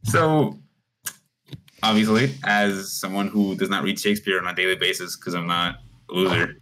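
A man's voice: low-pitched, pushed and bright, a little hiss or hum. A man co-hosting a casual music podcast, rambling through his take with many fillers and restarts. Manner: rapid, rambling, lots of "like" and restarts. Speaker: podcast co-host. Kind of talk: casual music review chat.

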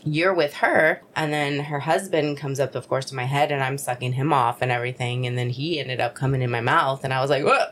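Low-voiced woman telling a story. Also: fairly quick, hardly any pauses. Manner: animated storytelling, acts out her own thoughts in high voices. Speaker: podcast co-host. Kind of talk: casual chat.

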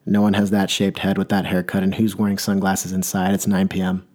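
A man rambles through a comic story, full of wry asides and shifting pace. His voice is low and mellow, and his delivery is relaxed and unhurried. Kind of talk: comedic monologue.

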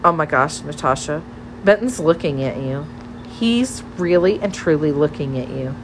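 A woman's voice: mid-range voice, sing-song, unhurried, slight background noise, low-quality recording. A woman doing a teasing teenage girl. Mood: urgent. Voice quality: bright, playful, chattering.

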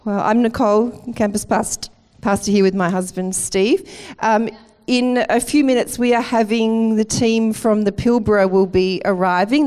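A middle-aged woman, a campus pastor giving a lively, playful welcome and sermon in church. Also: medium pitch, clean tone. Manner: chatty and playful, laughing at herself. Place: church auditorium.

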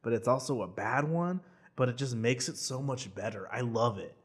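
Brief: young male podcast co-host, excitable, rambling, quick laughs, mid pitch. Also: slightly rough. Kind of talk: casual chat about movies.

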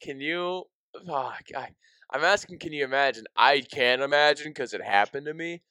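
Young guy cohosting a sports podcast, sniffly sore throat, smooth clear voice, dry close sound. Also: medium pitch, moderate pace, pushed and bright, no echo. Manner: joking, self-mocking, swears freely. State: getting sick, sore throat. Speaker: podcast co-host. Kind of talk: casual sports podcast banter.

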